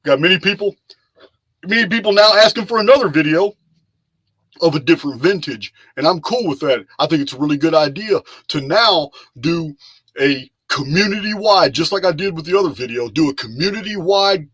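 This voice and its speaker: A man's voice: on the high side, lively intonation, a little fast, fairly bright tone, husky, no echo. A man hosting a casual live chat, loose and rambling, often repeating himself as he talks. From lives in Texas. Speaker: live stream host.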